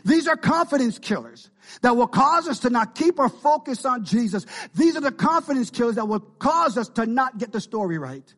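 A man's voice: extremely high pitch, expressive, normal speed, a bit bright. A male pastor preaching an impassioned sermon and calling out to his congregation.

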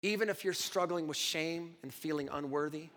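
A man preaches in a bright, slightly high voice, telling a story with many stammered repeats. He drops to hushed asides, then bursts into exclamations. A long hall reverb trails each phrase. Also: normal speed. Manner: storytelling with frequent repetitions, swings from hushed to exclamatory. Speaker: pastor. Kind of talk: sermon.

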